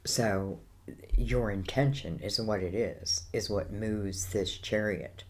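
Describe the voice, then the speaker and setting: A woman's voice: very deep voice, takes it slowly. An Irish woman giving a casual, rambling tarot reading, full of fillers like "you know" and "I feel like". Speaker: tarot reader.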